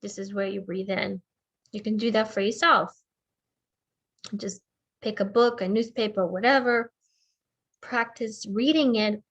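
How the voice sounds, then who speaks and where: A middle-aged woman speech therapist giving a slow, deliberate instructional talk, demonstrating intonation as she explains. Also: mid-range voice, lo-fi sound.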